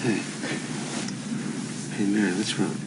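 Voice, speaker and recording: Pleading young husband; low, gravelly, hissy old TV sound. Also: male voice, flat delivery, slow. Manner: earnest, pleading. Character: anxious young husband pleading with his wife. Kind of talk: 1970s TV soap acting. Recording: noisy old TV audio.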